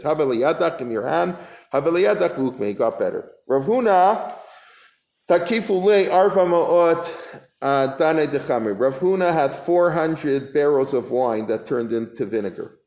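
A man's voice: on the high side, animated, normal speed, darkish tone. A man teaching an informal Talmud class, reading Aramaic lines and paraphrasing them in loose, conversational English. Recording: echoey room.

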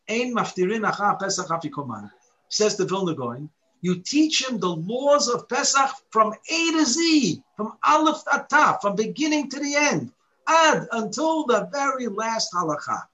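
A man teaching a Torah lesson in a high, bright voice that rises and falls with great liveliness. He recites Hebrew verses and poses rhetorical questions, building his explanation step by step. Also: low-quality recording.

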